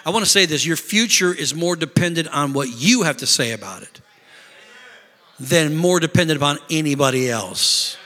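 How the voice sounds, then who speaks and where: A male pastor with a high, sharp, piercing voice delivers a sermon. His words ring out with a long reverb, as in a large hall. He preaches with emphatic bursts and mimics the voices of the people he addresses. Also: animated, moderate pace.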